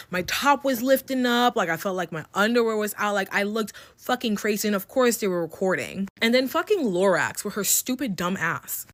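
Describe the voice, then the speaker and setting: A young adult woman telling a story straight to her viewers, plain spoken and full of swearing. Her delivery is animated and unfiltered, like a casual storytime video. Her pitch sits in a normal middle range. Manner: candid, profane, animated retelling. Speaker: storytime vlogger.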